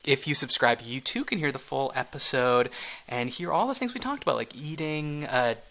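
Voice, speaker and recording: Playful bright-voiced male podcast host. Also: medium pitch, animated, normal speed, gravelly. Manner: playful, giggly, rambling. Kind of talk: comedy podcast chat.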